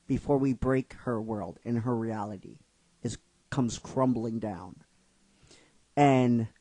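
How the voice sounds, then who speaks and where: A man narrates an emotional story slowly, often breaking off and restarting his phrases as he goes. His pitch is middle of the road, and the recording is dry and close. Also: a little mellow, dry recording, rough recording. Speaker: narrator retelling a fan script.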